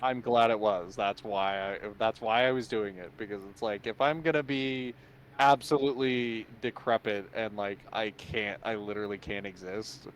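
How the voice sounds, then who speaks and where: A man's voice: lowish voice, fairly even intonation, normal speed. A young man chatting casually on a stream with dry, self-mocking humor. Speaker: streamer co-host. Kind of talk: casual chat.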